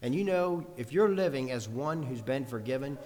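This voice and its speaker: A man's voice: mid-range voice, animated, normal speed, a little mellow, in a large hall, slight background noise. A man preaching a sermon in an earnest way, building long lists with rising emphasis.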